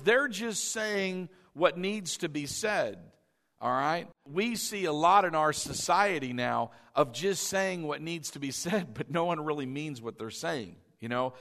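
A man's voice: a little high, bright, forceful tone, big-room sound. A male pastor preaching a sermon in a conversational, emphatic way, often checking in with the congregation and repeating key phrases.

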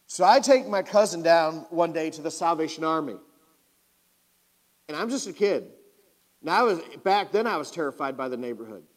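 A pastor with a fairly high voice talks at normal speed, pausing often, as he tells a story from his own life in a sermon. He's animated and addresses the congregation directly, asking them questions, while a long hall reverb hangs on the sound.

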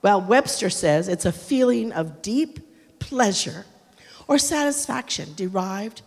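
A middle-aged woman pastor preaching a humorous, animated sermon, acting out quotes and swinging between loud and quiet. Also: medium pitch, slow. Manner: animated, humorous, acts out quotes with big shifts in loudness. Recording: long reverb of a large hall.

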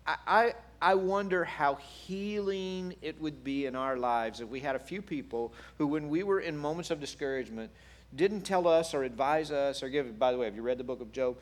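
Animated, playful male preacher. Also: fairly high pitch, normal speed. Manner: animated, playful, wry humor. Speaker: pastor. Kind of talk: sermon.

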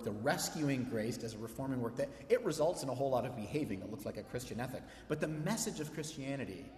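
Conversational pastor in an echoey hall. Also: male voice, medium pitch. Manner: conversational storytelling with humor. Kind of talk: sermon. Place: church sanctuary.

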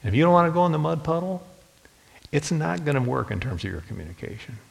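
Gravelly-voiced preacher in an echoing hall. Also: male voice, a little high, very animated, fast. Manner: folksy, storytelling, speaks directly to the men. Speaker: pastor. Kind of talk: sermon.

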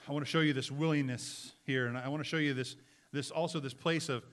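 Male pastor mid-sermon; earnest and emphatic, wide swings from loud to hushed delivery. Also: medium pitch, steady tone, fast.

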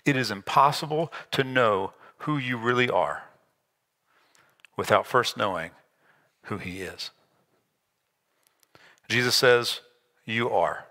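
Guy pastor giving a sermon, bright clear voice, chatty with little jokes thrown in. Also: medium pitch, expressive, takes it slowly, long pauses. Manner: conversational preaching with self-deprecating asides.

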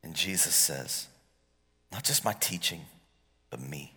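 A pastor in his forties preaching a sermon, swinging between loud, animated passages and hushed, quiet lines. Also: rumbling low, slow, slightly rough. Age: 40s. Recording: long hall reverb.

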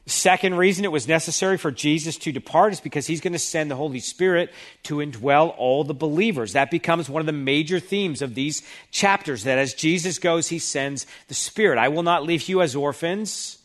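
Speaking a little fast with few pauses, a male pastor whose voice sits slightly above average gives a sermon. He emphatically reads passages from scripture before explaining them to the congregation.

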